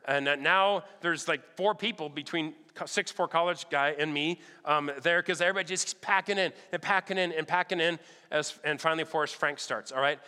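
A man telling a story during a sermon, animated and lively, acting out the lines of the people in his story. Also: on the high side, a little fast, clean tone. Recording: long hall reverb.

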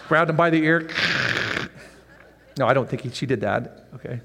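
A man's voice: medium pitch, normal speed, pauses often, a bit bright, in a large hall. A man preaching a sermon in a conversational way who acts out the scenes. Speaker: pastor.

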